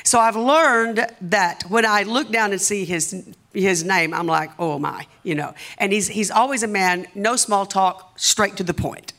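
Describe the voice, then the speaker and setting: A woman with a Southern US accent, a guest preacher delivering an impassioned sermon in a church, urging the congregation and building to shouts. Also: mid-range voice, a little slow, few pauses. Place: church sanctuary.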